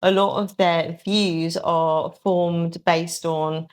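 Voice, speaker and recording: A woman's voice: on the low side, fairly even intonation, slow. A woman talking as a guest on a podcast about her aesthetics work, thoughtful and hedging with many ums and restarts, with the odd dry sarcastic aside. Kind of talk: conversational podcast interview.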